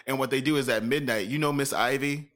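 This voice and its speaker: Bright-voiced man telling an animated story. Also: medium pitch, brisk. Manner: animated, profane storytelling with acted-out quotes. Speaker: storyteller in a chat. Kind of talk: casual chat.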